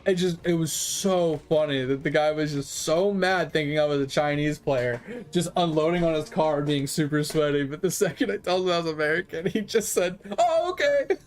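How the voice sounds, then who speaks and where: Brief: casual male streamer, slightly high voice, rambling and swearing easily. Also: steady tone, moderate pace. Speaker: game streamer. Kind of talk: casual storytelling while gaming.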